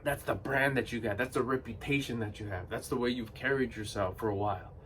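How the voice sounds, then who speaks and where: A man's voice: medium pitch, fairly quick, fairly bright tone, recorded from a distance, slight background noise. A man giving a blunt, emphatic motivational monologue to camera. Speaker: motivational vlogger.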